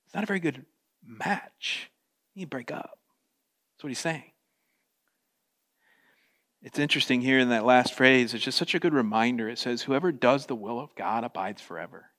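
A man preaching a sermon, animated, slipping into playful voices for quotes. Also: mid-range voice, normal speed, long pauses. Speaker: pastor.

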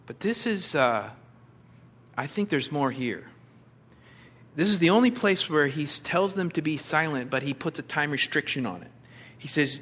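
A man's voice: a little high, sharp tone, husky. A man preaching a conversational sermon, with bits of humor and the odd filler. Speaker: pastor.

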